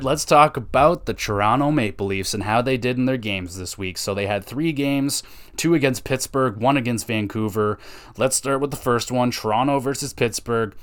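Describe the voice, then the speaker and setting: A man's voice: lowish voice, clean tone. Casual profane male podcast host. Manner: loose and profane, with frequent fillers. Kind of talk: casual hockey podcast chat.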